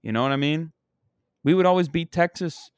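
A man's voice: fairly high pitch, brisk, clear, resonant tone, no room sound. Casting: young comic, male, rambling exasperated rant, dry close mic. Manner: exasperated, rambling, self-deprecating. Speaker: comedian. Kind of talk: casual sports rant.

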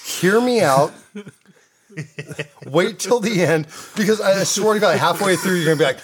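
A man's voice: high-pitched, expressive, normal speed, a little hiss or hum. Profane rambling man telling a story. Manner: profane, rambling, laughs often. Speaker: storyteller guest. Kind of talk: casual anecdote telling.

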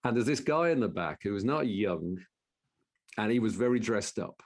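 An older man with a Birmingham and Black Country accent, a guest telling stories in a casual interview in an animated way, repeating his words. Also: moderate pace. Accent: Birmingham and Black Country English. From English Midlands. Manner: animated, repeats words, jumps up in pitch for quoted voices. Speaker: guest, professional speaker.

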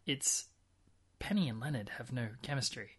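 Man, podcast co-host, casual chat, wry, rambling, middle-pitched voice. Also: expressive, normal speed, fairly bright tone, slightly rough. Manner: rambling, wry, many fillers and restarts.

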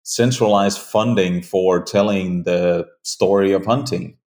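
Guest interviewee: a man with a deep voice, earnest, halting speech full of fillers. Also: darkish tone. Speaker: hunting show creator, guest. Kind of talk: conversational interview.

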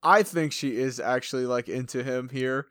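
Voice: mid-range voice, normal speed, fairly bright tone, no room sound. An American co-host talks through a show recap in an offhand, casual way, with a mid-range voice. The sound is dry and close, with almost no room in it. Swearing slips in freely. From United States. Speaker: podcast co-host.

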